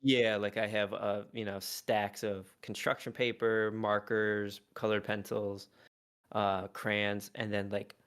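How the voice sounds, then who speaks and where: A man in his thirties co-hosts a podcast, asking loose questions full of "like" and "um". His voice sits somewhat low for a man. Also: level tone, takes it slowly, fairly bright tone, clean tone. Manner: loose, filler-heavy questions. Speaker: podcast co-host, father of three. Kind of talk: casual chat.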